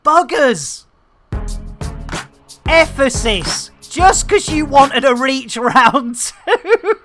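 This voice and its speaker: A woman talks her way through a live game stream in a chatty, exclamatory way, calling out to her viewers between steps. Her voice sits fairly high for a woman, and she speaks slowly with unhurried pauses. Soft music plays faintly underneath. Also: expressive. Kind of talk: casual live-stream chat.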